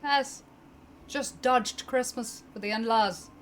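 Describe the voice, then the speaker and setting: Woman doing sardonic barber man, mocking, loud, slightly raised pitch, tabletop game. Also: takes it slowly, slight background noise, exaggerated voice. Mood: wry. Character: sardonic male barber, secret contact.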